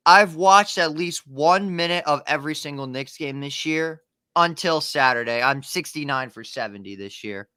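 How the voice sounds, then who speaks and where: Cocky, bright-voiced man on a video call. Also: on the high side, moderate pace, clear, resonant tone, no room sound, clean studio sound. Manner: cocky, brutally frank. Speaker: guest sports content creator. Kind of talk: casual sports chat. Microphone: webcam on a video call.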